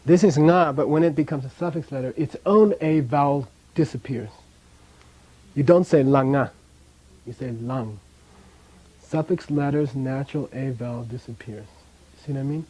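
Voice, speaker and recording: Relaxed male teacher, mellow voice. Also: fairly high pitch, moderate pace, slightly rough, poor audio. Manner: relaxed, casual, checks in with "okay?". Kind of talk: classroom language lesson. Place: classroom with students.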